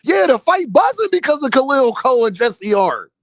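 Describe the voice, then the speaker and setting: This Philadelphia boxing livestream host jokes around with his chat at a moderate pace from his home setup, animated, foul-mouthed and laughing frequently. He speaks in a high voice with wide pitch movement, and the audio is close and dry, with no room sound.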